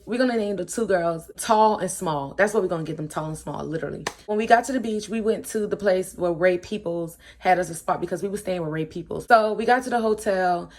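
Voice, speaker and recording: A young woman telling a storytime tale to her viewers in a casual, animated and exasperated way. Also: fairly quick, few pauses, a little hiss or hum. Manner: animated, exasperated, acts out quotes with swings in pitch. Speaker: storytime vlogger.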